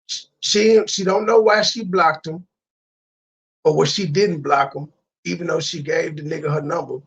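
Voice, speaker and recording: A man's voice: on the high side, steady tone, normal speed, fairly bright tone, highs cut off. A man hosting a reaction commentary, ranting with profane disbelief. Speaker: commentary channel host.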